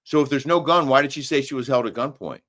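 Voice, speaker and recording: A man's voice: medium pitch, fast talker. A middle-aged man co-hosting a live show from a hotel room, chatting casually, reading viewer comments and arguing his points with emphatic bursts. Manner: animated, emphatic, argumentative bursts. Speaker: co-host of a live daily show.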